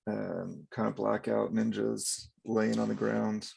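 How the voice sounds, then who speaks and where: A man's voice: fairly low pitch, monotone, normal speed, vocal fry, hardly any pauses, darkish tone, slightly rough. A man hosting a casual comic book review, talking with wry, laughing commentary. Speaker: channel host.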